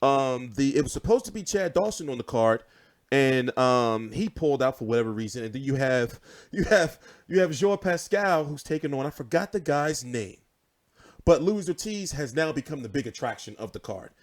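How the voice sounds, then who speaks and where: A man's voice: medium pitch, moderate pace. A young man hosting a boxing show, swearing freely and telling stories with animation. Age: 20s. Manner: profane, animated storytelling. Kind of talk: casual livestream chat.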